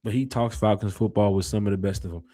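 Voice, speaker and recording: A man hosting a casual fan podcast, reading out chat comments and giving shout-outs. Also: lowish voice, steady tone, fast. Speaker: podcast host. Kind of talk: casual live-stream chat.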